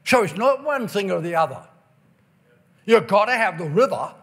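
A man with a high voice delivers a revival sermon. He stretches out key words, rises into shouts and slips into a sing-song cadence as he reads verses aloud. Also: big pitch swings. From Ireland. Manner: emphatic, drawn-out stresses, bursts of shouting and sing-song phrasing. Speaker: preacher.

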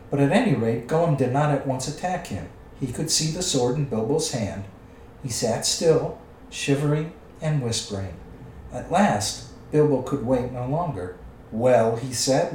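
Lively man reading a storybook aloud. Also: mid-range voice, far from the mic, a little hiss or hum. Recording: echoey room, away from the mic.

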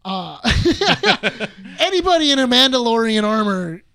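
A man co-hosting a casual podcast chat, excitable and often restarting his sentences. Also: extremely high pitch, slow pace, gravelly, no echo, studio quality. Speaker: podcast co-host.

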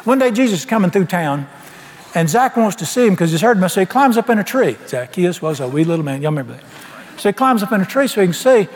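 A man's voice: high voice, very animated, fast talker, big-room sound. A man preaching a sermon, telling his story in a folksy way and acting out the dialogue.

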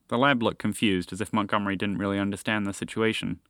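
A man hosting a story podcast, reading scripted storytelling narration in a friendly, expressive way. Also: lowish voice, fast, hardly any pauses, dry recording, studio quality.

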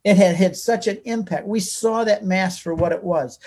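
An older man, a guest author, telling his personal story in an animated, emotional way. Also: high voice, normal speed, creaky, slightly rough. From United States.

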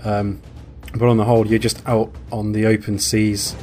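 A man's voice: on the low side, level tone, moderate pace, a little mellow, soft background music. A man chatting casually about video games in an easygoing way, stumbling over restarts now and then.

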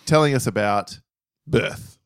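A man's voice: mid-range voice, a little slow, clean tone, dry recording. A man in his forties co-hosting a podcast, telling stories in a dry, understated way and acting out quotes. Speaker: podcast co-host. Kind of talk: casual storytelling chat.

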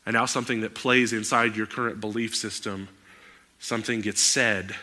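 Bright-voiced preacher man. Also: on the low side, normal speed. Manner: animated, rising to emphatic outbursts. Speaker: pastor. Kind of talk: sermon.

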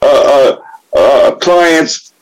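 A man's voice: a little high, lively intonation, extremely slow, clear, resonant tone, rough recording. A middle-aged man sharing his story at a recovery meeting, blunt and profane, turning impassioned and preachy. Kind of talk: spoken share.

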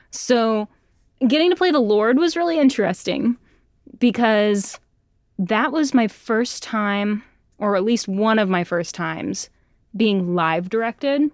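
A woman's voice: mid-range voice, no echo, studio quality. A young woman voice actor chatting as an interview guest, bubbly and self-deprecating, laughing often. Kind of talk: casual interview chat.

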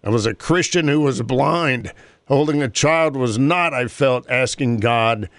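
A man's voice: mid-range voice, unhurried, no room sound, clean studio sound. A man hosting a talk show, reading a moving story aloud and then chatting earnestly about helping caregivers. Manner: earnest, conversational.

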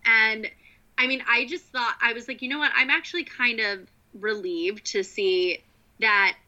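A woman's voice: on the high side, fairly even intonation, measured pace, bright, forceful tone, muffled recording. A woman co-hosting a casual talk show, chatting loosely, swearing and saying like a lot. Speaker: podcast co-host. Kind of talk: casual chat.

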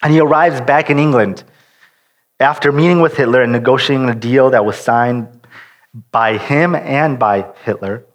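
Earnest male preacher, middle pitch, rephrases as he goes, leans on key words. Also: moderate pace. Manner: restarts and rephrases mid-sentence. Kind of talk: sermon.

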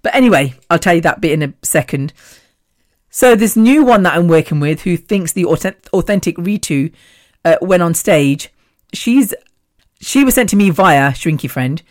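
A woman's voice: on the low side, expressive, moderate pace, darkish tone. A woman hosting her own podcast in a casual, rambling solo chat, laughing often between thoughts. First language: Punjabi. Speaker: podcast host.

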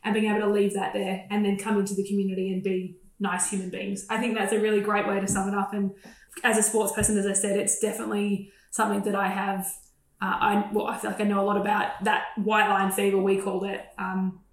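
Woman co-host, steady even voice, echoey room, agreeable. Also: medium pitch, quick pace. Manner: agreeable, hesitant with restarts and fillers. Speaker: podcast co-host. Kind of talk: casual conversation.

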